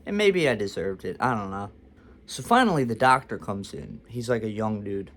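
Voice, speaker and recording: A man's voice: on the low side, lively intonation, normal speed, a bit bright. A man telling a storytime story to camera, rambling and self-deprecating with frequent restarts. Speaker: vlogger. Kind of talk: storytime monologue.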